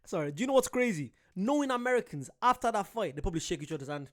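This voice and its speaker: A British man hosting a casual reaction video, excitable, laughing often and talking straight to his viewers. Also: high voice, racing.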